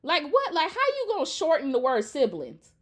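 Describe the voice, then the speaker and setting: A woman's voice: high-pitched, huge pitch swings, normal speed. A young woman in a casual, profane rant reacting to a TV show, sassy and exasperated.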